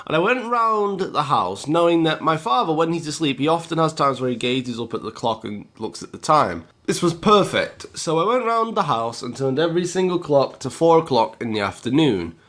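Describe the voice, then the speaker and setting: A young-sounding British man chatting straight to camera in a storytime vlog. His pitch swings up and down a lot as he tells the story, and he keeps turning to his audience with a casual "guys". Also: sing-song, moderate pace, hardly any pauses, fairly bright tone. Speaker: YouTuber.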